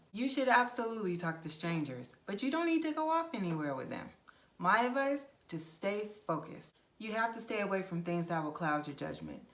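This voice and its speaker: A woman vlogger giving frank, direct travel advice in a casual monologue. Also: mid-range voice. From United States. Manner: frank, direct, animated with acted-out anecdotes.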